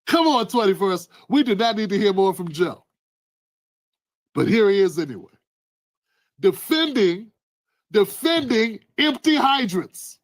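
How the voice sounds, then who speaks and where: High-voiced guy ranting news commentary, preachy, dry close mic. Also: sing-song, a little slow, long pauses, no echo. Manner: emphatic, preachy, rising to shouts. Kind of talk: heated political commentary.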